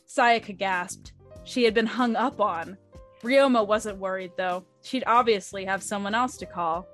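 A woman's voice: mid-range voice, measured pace, fairly bright tone, soft background music. A young woman casually reading a fanfic aloud in a chatty, giggly way. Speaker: fanfic reader. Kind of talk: casual storytelling read-aloud.

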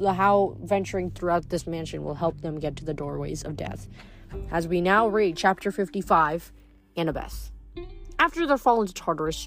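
A woman reading a novel aloud with expression, adding her own short comments between chapters. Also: fairly low pitch. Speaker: reader.

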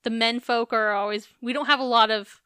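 A woman's voice: fairly high pitch, steady tone, brisk, sharp tone, clear, resonant tone, no room sound, studio quality. A woman co-hosting a podcast, recapping a reality show in casual, chatty talk with some swearing. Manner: chatty, profane, laughs while recapping. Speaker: podcast co-host.

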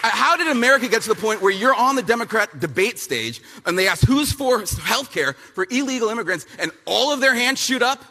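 A man giving a punchy, fiery speech at a youth summit. He repeats lines for effect and mocks people with quick impressions. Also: very high-pitched, sing-song, pushed and bright. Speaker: speaker at a youth political summit. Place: large hall at a summit, with an audience. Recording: big hall with long reverb and a faint crowd.

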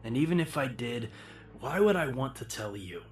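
A man voicing a grouchy, cowardly middle-aged male reporter, gruff and slow-spoken. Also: mid-range voice, big pitch swings, voice pushed up, natural voice. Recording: music bed under the reading.

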